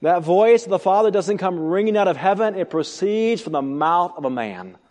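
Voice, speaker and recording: A man preaching an expository sermon, emphatic, asking rhetorical questions and swinging between loud and soft delivery. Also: sits high, animated, normal speed, big-room sound. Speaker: pastor.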